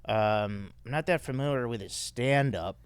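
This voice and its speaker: A man's voice: mid-range voice, normal speed, smooth, dry recording. A man hosting a podcast, chatting loosely and teasing his guest. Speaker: podcast host. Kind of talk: casual chat.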